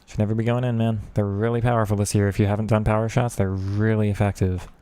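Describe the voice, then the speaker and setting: A man's voice: fairly low pitch, level tone, quick pace, mellow, smooth, no room sound. A man streaming a football video game, talking casually and with frustration at the match while chatting with viewers. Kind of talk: casual gaming commentary.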